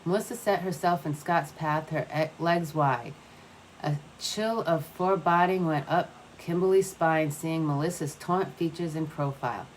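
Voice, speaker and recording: A woman with a fairly low voice reads a novel aloud at an even pace. She stumbles now and then and starts a word over. A faint hum of room ambience sits under her voice. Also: moderate pace, poor audio. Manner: reads aloud with small slips and restarts. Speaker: audiobook reader. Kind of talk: scripted narration.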